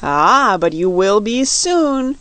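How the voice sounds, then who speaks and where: A fierce, wrinkled old queen of a cave folk, as a woman reads her, sharp and commanding. She talks in clipped orders from a storybook. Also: medium pitch, lively intonation, moderate pace, no room sound, lightly acted. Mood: grim. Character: grim two-faced old queen, fierce.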